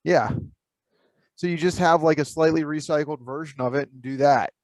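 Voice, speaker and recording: A man's voice: fairly high pitch, normal speed, a little mellow. Laid-back man rambling in casual chat. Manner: laid-back, rambling, thinks aloud with many fillers. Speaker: podcast co-host.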